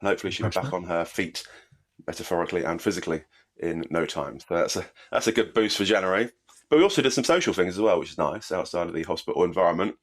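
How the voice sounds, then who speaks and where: A British man in his forties with a deep, low voice and a stuffy, bunged-up nose from a cold. He talks quickly in a chatty, self-deprecating way, like a podcast co-host catching up with an old friend. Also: lively intonation. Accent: British English. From Britain. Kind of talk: casual chat.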